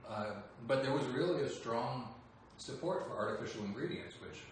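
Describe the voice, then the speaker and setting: A man answering fan questions in a relaxed, joking livestream chat. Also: mid-range voice, moderate pace. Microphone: phone some distance away. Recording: echoey room, voice from far off, faint background noise.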